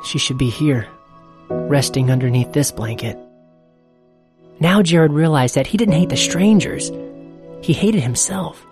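A narrator reading a story aloud in a steady, earnest manner over faint music. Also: medium pitch, measured pace, pauses often.

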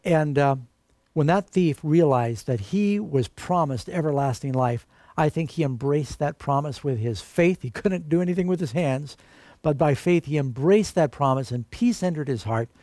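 A man's voice: on the high side, expressive, normal speed, mellow, dry recording. A man preaching a sermon in an earnest, emphatic way and calling his listeners friends.

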